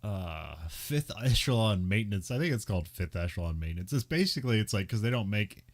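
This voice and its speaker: Casting: young adult man, slightly low voice, loose rambling podcast banter, laughs a lot. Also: lively intonation, brisk. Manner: laughs often, rambling with many fillers. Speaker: podcast co-host. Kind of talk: casual chat.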